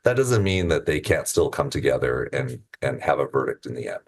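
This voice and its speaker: A man with an extremely deep voice offers legal analysis in a news interview. He talks thoughtfully and sometimes restarts a phrase. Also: big pitch swings, fairly quick, slightly rough. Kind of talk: interview clip.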